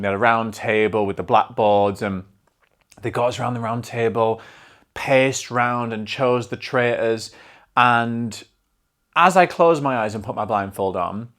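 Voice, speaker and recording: A man hosting a solo film podcast, talking in an energetic, rambling way and swearing freely. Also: mid-range voice. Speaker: podcast host.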